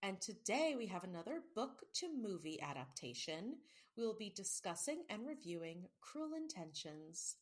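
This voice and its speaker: A woman's voice: mid-range voice, very animated, normal speed. Chatty woman podcast host. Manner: chatty, self-mocking, swears casually. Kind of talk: casual chat.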